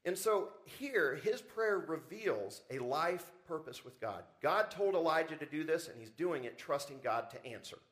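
A man's voice: a little high, animated, moderate pace, hardly any pauses, a bit bright. Preaching man, emphatic sermon delivery. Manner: preaching with rising emphasis and rhetorical questions. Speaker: pastor. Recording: church service audio recording.

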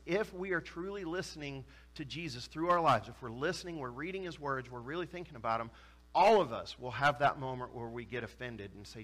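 Man, pastor, sermon, animated storytelling, bright voice. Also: mid-range voice, brisk. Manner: animated, acts out quoted voices with rising intensity.

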